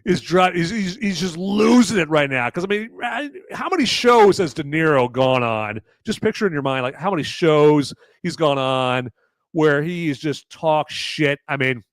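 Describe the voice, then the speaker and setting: This middle-aged male podcast host speaks at a fairly high pitch, animated and at normal speed, recorded dry and close with no room sound. His casual commentary is mocking and sarcastic, rambling along with plenty of filler.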